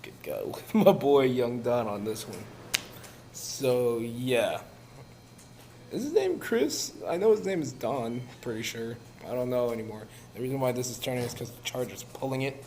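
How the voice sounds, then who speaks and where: A man's voice: medium pitch, expressive, normal speed, dark tone, slight background noise. A man hosting a reaction video, tossing in chuckling asides and mumbled slips. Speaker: reaction channel host. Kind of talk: casual reaction commentary.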